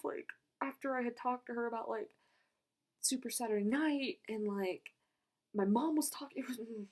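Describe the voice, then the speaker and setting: A young woman excitedly recounting a story in a vlog, rambling and gushing. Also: on the high side, moderate pace, breathy edge. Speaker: vlogger.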